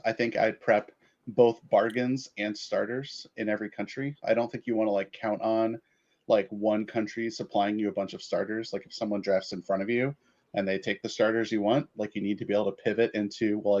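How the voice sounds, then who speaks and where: A man on a panel giving strategy advice in relaxed casual chat, with lots of fillers. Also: on the low side, brisk, highs cut off.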